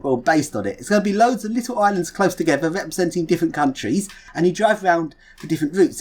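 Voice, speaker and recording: A woman talking quickly in a casual vlog, her pitch bouncing up and down as she rambles. She sounds eager and chatty, her voice sitting on the lower side. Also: darkish tone. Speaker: video creator recruiting helpers.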